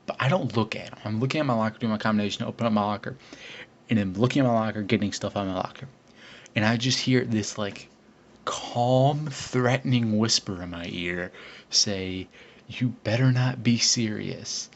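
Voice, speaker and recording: A man's voice: on the low side, a little fast. A teenage boy telling a long story from his school days in a casual, rambling way, with lots of fillers and restarts. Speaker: vlogger. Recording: dull lo-fi recording with faint hiss.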